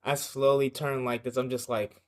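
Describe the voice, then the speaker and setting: Young man, mid pitch, telling a casual vlog story that rambles with slang, fillers and swearing. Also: flat delivery, normal speed.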